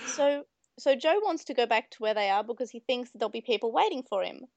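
High-voiced woman, animated chat. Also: fast, creaky, dry recording, muffled recording. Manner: animated, acts out quoted lines. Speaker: podcast co-host. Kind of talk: casual chat.

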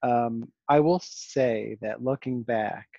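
A man hosting a podcast in casual conversation, halting with many restarts and a dry, sarcastic edge. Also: mid-range voice, gravelly, dark tone, no echo, dull audio. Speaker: podcast host.

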